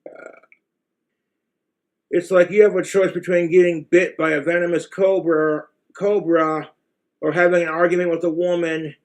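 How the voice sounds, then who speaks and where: A man's voice: sits high, little pitch movement, moderate pace. A man with an American accent giving blunt, crude, rambling relationship advice in a casual monologue to the camera.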